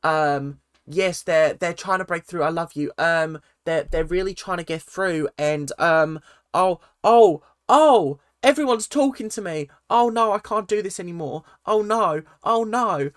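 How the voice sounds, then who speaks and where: A vlogger voicing a dramatic young woman who claims to hear spirits, in a put-on Australian accent, halting and full of ums. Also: mid-range voice, steady tone, a bit bright, clear, resonant tone, no echo, studio quality, lightly acted.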